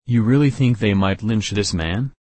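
A man's voice: on the low side, moderate pace, darkish tone, dry recording, close to an everyday voice. A man voicing a blunt state investigator speaking urgently over the phone.

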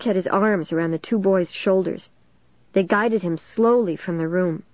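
A woman narrating a first-person suspense story in a steady, dramatic storytelling manner. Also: fairly low pitch, moderate pace, dry recording, muffled recording. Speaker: audiobook narrator.

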